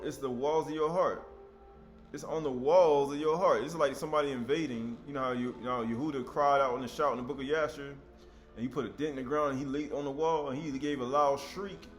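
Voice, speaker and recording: A man preaching in a casual, conversational style, voice at an ordinary middle pitch. His delivery is animated and breaks into sudden loud outbursts. Faint music plays behind him. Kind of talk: sermon.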